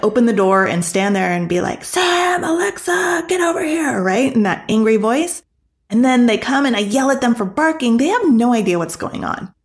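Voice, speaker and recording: A woman giving a motivational talk to artists, direct and coaxing. She keeps pulling the listener in with quick check-ins and an animated, encouraging delivery. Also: mid-range voice. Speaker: coach for artists.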